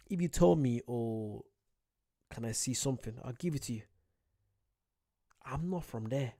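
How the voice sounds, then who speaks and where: A young Irish man chats loosely through a livestream, with a mellow, warm tone. He reads viewer comments aloud and rambles. His jokes are at his own expense. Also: mid-range voice. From Ireland. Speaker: streamer. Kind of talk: casual livestream chat.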